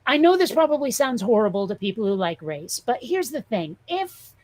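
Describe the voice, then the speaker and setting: A woman's voice: on the high side, sing-song, moderate pace, a little mellow, rough recording. A woman hosting a casual chat show, telling rambling, profane comic stories. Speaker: show host.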